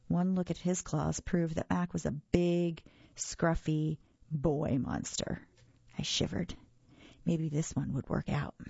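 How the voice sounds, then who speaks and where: Woman storyteller, low and gravelly, very animated pitch, dry close sound. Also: a little slow, dry recording, lo-fi sound. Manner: expressive read-aloud with lively pitch. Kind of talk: children's story read aloud.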